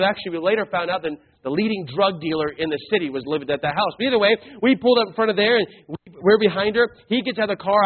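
A male preacher delivering a sermon and telling a story, emphatic, swinging between loud and hushed. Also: high-pitched. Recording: tinny phone-like sound.

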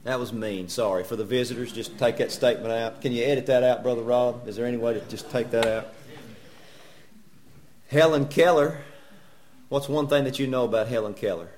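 A man's voice: mid-range voice, brisk, darkish tone. Folksy preacher man. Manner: folksy, jokey preaching with rhetorical questions. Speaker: pastor. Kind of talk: sermon. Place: church.

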